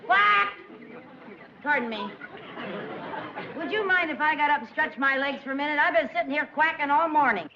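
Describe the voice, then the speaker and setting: A woman's voice: sits high, lively intonation, a little fast, a crowd in the background. An actress playing a cheerful, zany woman in a 1960s sitcom, with a comic, playful delivery. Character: zany cheerful woman doing duck calls. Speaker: sitcom lead. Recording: dull old TV audio, studio laughter, hiss.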